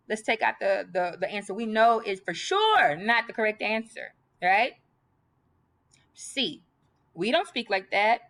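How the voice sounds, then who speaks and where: A woman's voice: medium pitch, sing-song, measured pace, a bit bright. A woman teaching a grammar lesson, emphatic and reading example sentences aloud. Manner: emphatic, repeats list items aloud.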